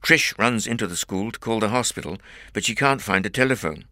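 A man narrating a story in a clear, expressive audiobook reading. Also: lowish voice, brisk, no room sound, clean studio sound.

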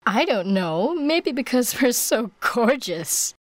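Bubbly teen schoolgirl, high and bouncy, put on by a male narrator, dry close audiobook sound. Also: expressive, moderate pace, dry recording. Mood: chatty. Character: cheerful teenage schoolgirl. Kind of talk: audiobook character voice.

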